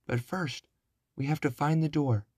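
Storybook: man voicing a jittery, studious boy, pitched up and hurried. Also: fairly even intonation, darkish tone, husky, dry recording, studio quality. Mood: anxious. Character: anxious bookish young boy. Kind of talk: storybook reading.

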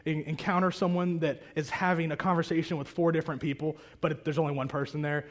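A man preaching a sermon to a congregation in a conversational, animated way. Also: on the high side, quick pace. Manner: conversational and animated, acting out prayers. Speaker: pastor. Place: church hall with a congregation.

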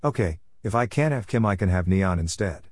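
A man's voice: low voice, expressive, fairly quick, a little mellow, no echo, clean studio sound. A man reading the lines of a scheming, gloating male bulldog villain in a storybook tale. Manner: gloating, rageful.

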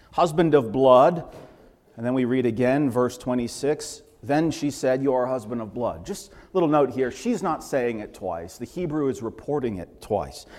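A man's voice: mid-range voice, darkish tone. A male pastor delivering a sermon in a conversational way, with personal asides and light humor. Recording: long hall reverb.

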